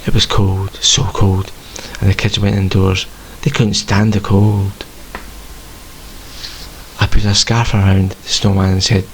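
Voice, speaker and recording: Gravelly low-voiced male storyteller. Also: little pitch movement, unhurried, a little hiss or hum, low-quality recording. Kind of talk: first-person story reading.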